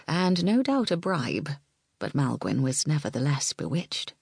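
A woman narrating an audiobook in a measured, expressive way that dips into whispers. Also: low voice, vocal fry, husky, dry recording, clean studio sound.

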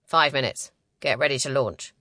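A woman voicing a firm but gentle male commander who speaks with quiet, steady authority in a storybook reading. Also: medium pitch, moderate pace, no room sound, studio quality, voice pushed down, close to an everyday voice.

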